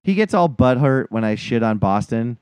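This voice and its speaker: A man's voice: medium pitch, moderate pace, clear, resonant tone, dry recording. A man in his thirties co-hosting a casual podcast, ranting with lots of swearing. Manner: animated, swears a lot, rants. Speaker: podcast co-host. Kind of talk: casual profane chat.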